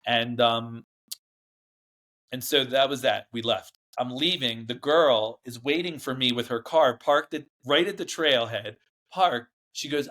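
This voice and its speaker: A man being interviewed tells the story of his past, rambling and emphatic, often acting out the words of other people. His voice sits in the mid range, with a measured pace and a sharp tone. The conversation is candid and story-driven.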